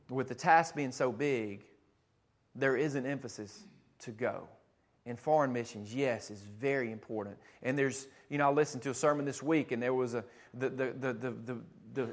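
A man preaching a sermon as pastor, earnest and repetitive, restarting phrases as he teaches. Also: medium pitch.

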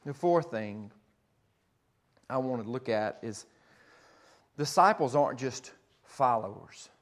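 A man's voice: medium pitch, expressive, slow. A man preaching a sermon as pastor, earnest and repetitive, restarting phrases as he teaches.

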